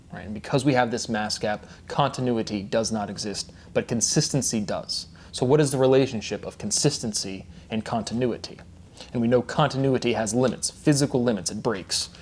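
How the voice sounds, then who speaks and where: Guy lecturing off the cuff, rambly, asks himself stuff and answers, medium pitch. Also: a little hiss or hum. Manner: rambling, asks himself questions and adds "right?" often. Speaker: independent lecturer. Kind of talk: unscripted lecture. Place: room with a notebook at hand.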